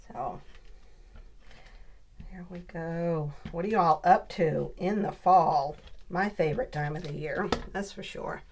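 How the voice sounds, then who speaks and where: A woman's voice: fairly low pitch, slow, a little mellow, slight background noise. A woman hosting a casual crafting tutorial, chatting upbeat with viewers as she works. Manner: chatty, upbeat, talks to viewers while working. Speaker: crafting video host.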